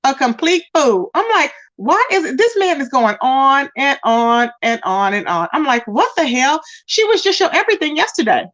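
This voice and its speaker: A woman hosting a livestream, chatting in a sassy, drawn-out way, greeting viewers and gossiping straight to her chat. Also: high-pitched, very animated, fairly bright tone, lo-fi sound. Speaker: livestream host. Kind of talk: casual gossip commentary.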